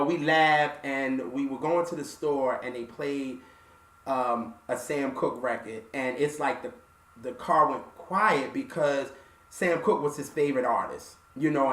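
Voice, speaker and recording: Soft-spoken man in an echoey room. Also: fairly high pitch, distant mic. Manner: halting, soft-spoken, many fillers. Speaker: music show host. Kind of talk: emotional personal story to camera.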